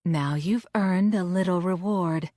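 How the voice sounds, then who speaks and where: A woman's voice: on the low side, measured pace, warm tone, no room sound, pitched above the performer's own voice, lightly acted. A woman voicing a cold, seductive female cartel villain who coaxes and toys with a henchman, in a dry, close audiobook recording. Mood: coaxing. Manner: cool, coaxing, detached.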